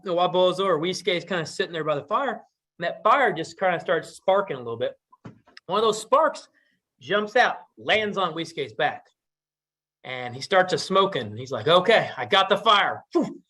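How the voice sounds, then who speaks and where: A man's voice: high voice, normal speed. Man telling a story casually. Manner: relaxed, animated, with fillers. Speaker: storyteller at community meeting.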